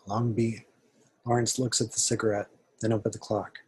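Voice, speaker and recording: Low, flat, husky man reading directions. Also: brisk. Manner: steady, even, matter-of-fact reading. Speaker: reader of stage directions. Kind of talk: amateur table read narration.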